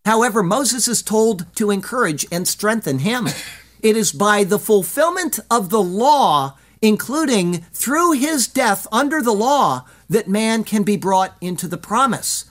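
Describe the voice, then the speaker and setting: A Bible teacher reads a scripted verse-by-verse commentary at a steady, measured pace. The voice sits in a middle pitch range and leans hard on the key phrases.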